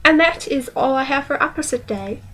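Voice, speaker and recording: A woman's voice: high voice, animated, a little fast, fairly bright tone, slight background noise. A young woman chatting casually about books for her vlog, playful and now and then dropping into a whisper. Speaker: book vlogger.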